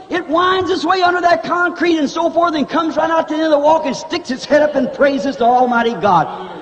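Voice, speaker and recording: A man's voice: very high voice, brisk, a bit bright. A man preaching a revival sermon in a fervent, folksy style with country grammar, recorded in a church hall on old tape.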